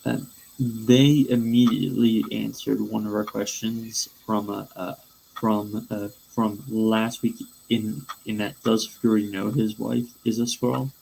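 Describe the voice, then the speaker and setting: A man's voice: fairly low pitch, flat delivery, slow pace, creaky, a little mellow, a little hiss or hum, rough recording. A male podcast co-host chatting casually and stumbling over restarts as he tries to get his point out. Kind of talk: casual pop-culture podcast chat.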